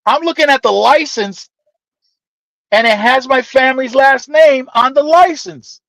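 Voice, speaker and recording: A man's voice: extremely high pitch, unhurried, dry recording, poor audio. A man telling a casual, profane anecdote, animatedly acting out the people in it. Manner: animated, profane, acts out quoted voices. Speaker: storyteller.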